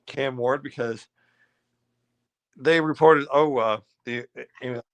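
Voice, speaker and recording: A man in an easygoing chat, spinning a story at an ordinary pitch for his sex. He stumbles through restarts and fillers as he goes, and slips into the voices of the people he describes. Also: slow, lo-fi sound. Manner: rambling, full of restarts and fillers.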